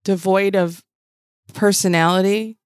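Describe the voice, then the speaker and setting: A woman's voice: medium pitch, fairly even intonation, a little slow, clean tone, no echo, clean studio sound. A woman co-hosting a podcast, chatting animatedly and swearing, often trailing off mid-thought. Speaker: podcast co-host. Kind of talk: casual chat recapping a reality show.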